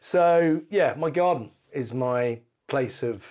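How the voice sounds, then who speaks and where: Middle-aged man telling stories lively. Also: mid-range voice, takes it slowly. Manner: lively, laughing, swears casually. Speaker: podcast guest. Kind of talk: anecdotal storytelling.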